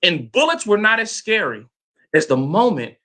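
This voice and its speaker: A man's voice: high-pitched, very animated, moderate pace, pushed and bright. A middle-aged man, a motivational coach, telling a personal story with dramatic flair and speaking straight to his audience. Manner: dramatic, addresses the audience directly.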